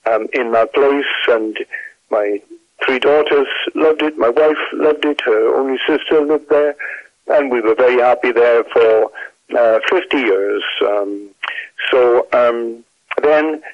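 A retired Welsh pastor in his eighties with a slight mid-Atlantic tinge, speaking in a measured, hesitant way full of fillers. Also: medium pitch, no echo, phone-quality sound. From Wales. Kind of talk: reflective conversational interview.

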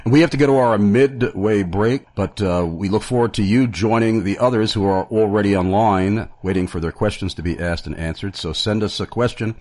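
A man's voice: on the low side, normal speed, few pauses, a little mellow. A man hosting a radio show, announcing the break and inviting questions. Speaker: radio host.

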